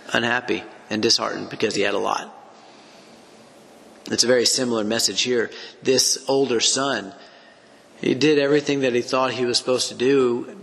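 A man's voice: mid-range voice, vocal fry, a bit bright. A man teaching on a Bible passage for a podcast, reading scripture aloud and reflecting on it as he goes. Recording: long hall reverb.

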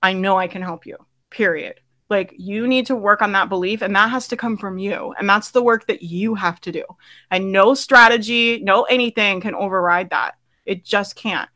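A woman's voice: mid-range voice, pushed and bright. A young adult woman coaching business owners live, talking in a chatty way with lots of "like" and "right?" and frequent laughter. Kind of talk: live coaching talk to an online audience.

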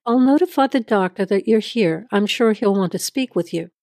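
A woman's voice: medium pitch, lively intonation, normal speed, a little mellow, no echo, natural voice. Woman reading a detached, by-the-book hospital receptionist for an audio drama; dry sound. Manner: detached, procedural. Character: adult woman hospital receptionist, cool and procedural.

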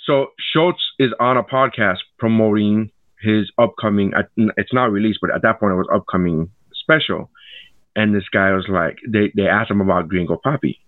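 A man's voice: fairly low pitch, moderate pace, no echo. A man, a comedian co-hosting a casual podcast, telling stories with lots of swearing and acting out what others said. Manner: animated storytelling, acts out quotes, swears often. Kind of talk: casual chat. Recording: tinny phone-like dry sound.

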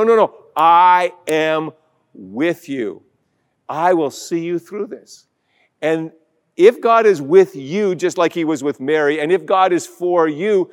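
A man's voice: fairly high pitch, a little mellow, long reverb tail. A man preaching a sermon as pastor, emphatic, acting out quoted voices as he goes.

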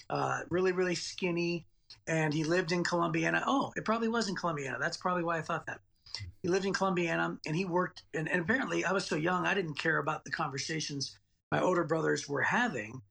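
His voice is a little high, gravelly and fairly bright, and he speaks briskly. As a podcast guest in his late forties, he tells a personal tale from his childhood, rambling and repeating words throughout.

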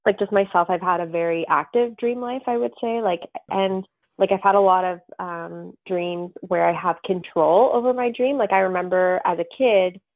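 A woman's voice: fairly low pitch, steady tone, moderate pace, dry recording. A woman guest on a podcast, telling her story in a rambling, casual way full of fillers and restarts. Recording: tinny phone-like line.

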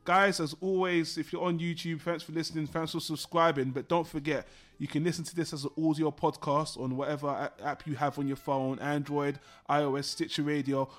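A man's voice: fairly high pitch, level tone, brisk, fairly bright tone. A man hosting a film podcast in casual talk, showy and teasing, playing up the drama. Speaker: podcast co-host.

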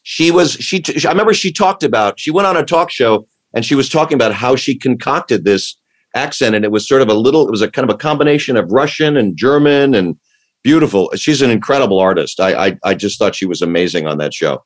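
A man's voice: mid-range voice, lively intonation, fairly quick. A man in casual chat, rambling and restarting his sentences, enthusiastic about what he describes. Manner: rambling, self-interrupting, enthusiastic.

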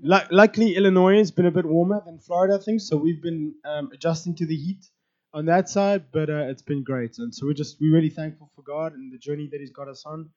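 Hoarse guy introducing himself at church, kinda high voice, muffled. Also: steady tone, fast talker, a little mellow. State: hoarse, voice low. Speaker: new church staff member.

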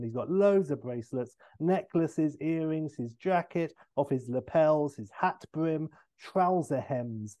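A man on a comedy podcast narrating a comic film pitch, animated with many fillers. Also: dry recording.

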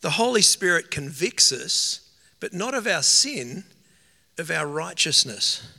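A male preacher delivering a heartfelt sermon, voice bright and edged with gravelly fry. He talks earnestly and gets emotional, dwelling slowly on key words as his voice rings through a hall with long reverb. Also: on the high side, sing-song. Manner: earnest, emotional, slow emphatic phrasing.

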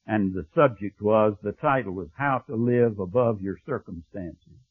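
A man preaching a sermon, telling a story and dropping to a hushed, low voice when he quotes. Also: a little slow, husky, no room sound. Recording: thin phone-like audio, dry.

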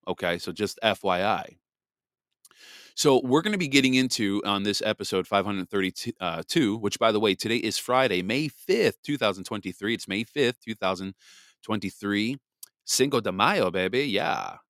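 A man's voice: on the low side, expressive, normal speed, fairly bright tone, no echo, clean studio sound. A man hosting a live podcast in a rambling, chatty way, greeting listeners by name. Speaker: podcast host. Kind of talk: casual live podcast chat.

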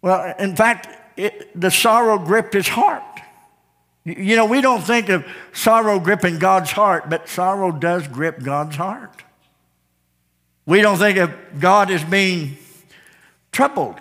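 A man's voice: high voice, takes it slowly. Impassioned preacher man in a reverberant hall. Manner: impassioned preaching, swings between hushed and soaring; repeats phrases for emphasis. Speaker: pastor. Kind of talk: sermon.

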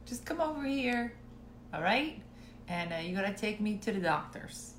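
A woman's voice: mid-range voice, very animated, moderate pace, reverberant, slight background noise, lightly acted. A woman quoting her stubborn, hard-of-hearing old grandmother, who insists and repeats herself. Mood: insistent.

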